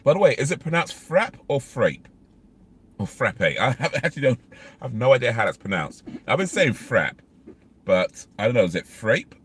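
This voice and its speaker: A man's voice: medium pitch, sing-song, fast, breathy edge. A man, vlogging in casual, rambling chat while eating in his car. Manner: rambling, chatty, many fillers. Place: inside a parked car.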